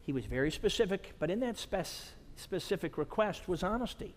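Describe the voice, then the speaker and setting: Chuckling preacher in a reverberant hall. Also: male voice, high-pitched, lively intonation, fast, hardly any pauses. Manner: storytelling with frequent chuckles. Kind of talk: sermon. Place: large conference hall.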